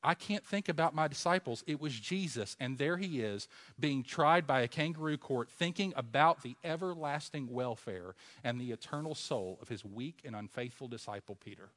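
A man preaching a sermon, asking rhetorical questions and swinging from a hush to loud emphasis. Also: medium pitch, moderate pace, hardly any pauses.

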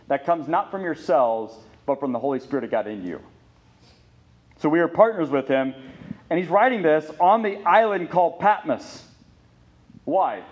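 A man's voice: mid-range voice, a little mellow. A man preaching a sermon as pastor, earnest and emphatic, building his points with lists and rhetorical questions.

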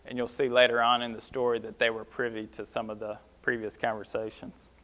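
A man's voice: medium pitch, level tone, brisk, a bit bright. A man preaching a sermon, talking through scripture in a plain, conversational way with some fillers. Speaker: pastor. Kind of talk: sermon teaching.

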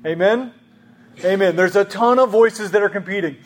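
A man's voice: high-pitched, normal speed. A man preaching a conversational sermon as pastor, often asking the congregation questions.

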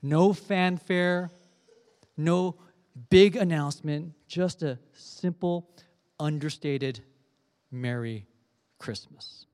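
A pastor giving an earnest sermon, telling a gentle story before turning to scripture. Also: male voice, a little high, fairly even intonation, slow pace, big-room sound.

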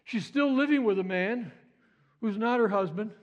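A man preaching a sermon with passion, swinging from hushed repetition to excited exclamation. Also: sits high, moderate pace, lo-fi sound. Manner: impassioned, swings from hushed to exclaiming, repeats phrases.

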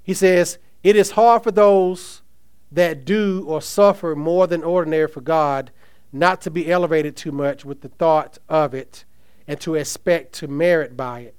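Male pastor preaching with emphasis; somewhat high, clear and resonant voice. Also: a little slow. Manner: emphatic preaching, reads scripture aloud, asks the congregation questions. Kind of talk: sermon.

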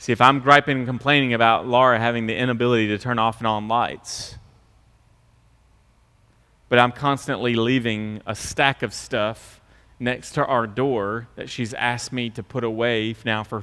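A middle-aged man preaching a sermon in a church, dropping to quiet asides and rising to loud mocking impressions. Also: medium pitch, steady tone, measured pace, clear, resonant tone. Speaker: pastor. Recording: long hall reverb.

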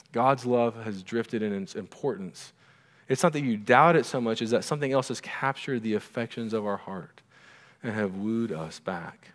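A middle-aged male pastor preaching a sermon in a relaxed, conversational way, often checking in with the congregation with quick asides. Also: on the low side. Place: church sanctuary. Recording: long reverb of a church hall.

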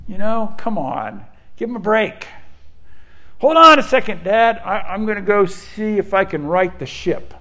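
A man's voice: high voice, very animated, unhurried, sharp tone, heavily acted. A man voicing a laid-back, cool teenage son who casually coaxes his father. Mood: coaxing. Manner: casual, coaxing.

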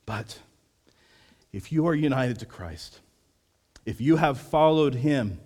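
Earnest pastor preaching in a reverberant hall. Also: male voice, mid-range voice, lively intonation, takes it slowly. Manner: earnest, drops to soft quiet delivery. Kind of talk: sermon.

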